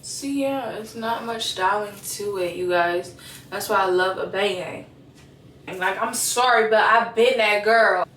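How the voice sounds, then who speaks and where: A woman's voice: medium pitch, unhurried, a bit bright, a little hiss or hum. A young woman vlogger chatting casually to her viewers while she styles her wig, slangy and talkative. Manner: chatty, slangy, addresses viewers as you guys. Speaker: beauty vlogger. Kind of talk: casual get-ready-with-me chat. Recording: roomy echo, mic at a distance, faint ambience.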